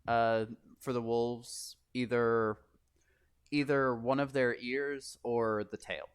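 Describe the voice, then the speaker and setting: A man narrating as game master of a tabletop game, hesitant and halting, with frequent restarts. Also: medium pitch, steady tone, clean tone.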